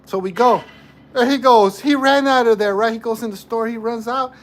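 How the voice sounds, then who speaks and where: A man's voice: very high voice, steady tone, moderate pace. A man hosting a livestream, telling a story to his chat in a casual, joking way and repeating himself often. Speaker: livestream host.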